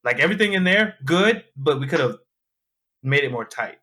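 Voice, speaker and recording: A man guesting on a casual podcast, speaking haltingly with many restarts and fillers. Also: fairly high pitch, animated, bright, forceful tone. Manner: halting, full of restarts and ums.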